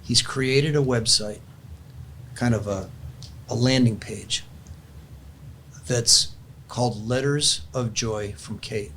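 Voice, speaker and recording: A man's voice: mid-range voice, slow pace, pauses often, fairly bright tone, slight background noise. Earnest older man telling a story. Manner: earnest, heartfelt. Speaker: podcast guest. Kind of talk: conversational storytelling and prayer.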